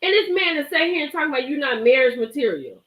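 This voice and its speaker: A woman's voice: high-pitched, fast talker. A woman hosting a live stream, chatting emphatically and gossiping about a reality show. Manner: animated, emphatic, chatty, greets viewers. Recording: roomy echo.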